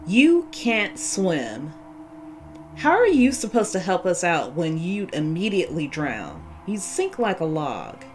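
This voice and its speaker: A woman's voice: lowish voice, wildly swooping pitch, normal speed, hardly any pauses, slight background noise, poor audio. Woman reading as an unhinged woman captor. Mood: menacing. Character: unhinged cheerful woman caretaker turned captor. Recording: game playthrough with music behind.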